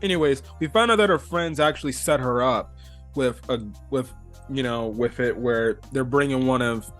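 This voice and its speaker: Rambling, excitable male anime reviewer. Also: medium pitch, normal speed, faint music behind. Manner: rambling, filler-heavy, excitable recapping. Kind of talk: casual episode review.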